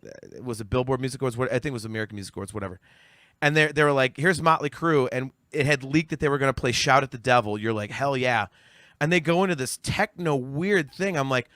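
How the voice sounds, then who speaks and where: A man's voice: mid-range voice, fairly bright tone, no echo, studio quality. A man in his forties, a podcast guest in casual discussion, ranting heatedly and profanely with many stammered restarts. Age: 40s.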